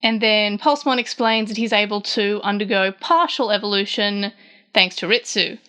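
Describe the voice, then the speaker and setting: A chatty Australian woman recaps a manga chapter on her casual show, her voice rising for the quoted dialogue. She speaks at a moderate pace with a medium pitch, and her tone is pushed, bright, clear, and resonant. Fillers and restarts crop up frequently.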